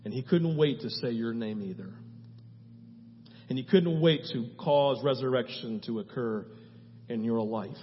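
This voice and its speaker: A man's voice: medium pitch, unhurried, long pauses, slight background noise. A male pastor preaching a sermon in a passionate, conversational way, asking his listeners question after question. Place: church sanctuary. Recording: reverberant hall, slightly dull sound.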